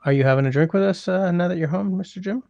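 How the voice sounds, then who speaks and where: Chatty man with a gravelly voice. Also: sits high, quick pace, dark tone, dry recording, muffled recording. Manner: chatty, rambling, wry asides to chat. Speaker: livestream host reading chat. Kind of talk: casual livestream chat.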